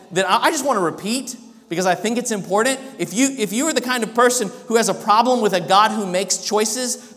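High-voiced preacher in a reverberant hall. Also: male voice, a bit bright. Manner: emphatic preaching with frequent restarts. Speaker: pastor. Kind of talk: sermon.

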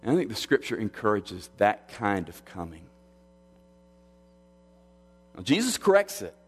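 A man's voice: on the low side, wildly swooping pitch, breathy edge, faint music behind. Earnest preaching man in a reverberant hall. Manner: measured and earnest, with halting restarts. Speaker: pastor. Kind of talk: expository sermon.

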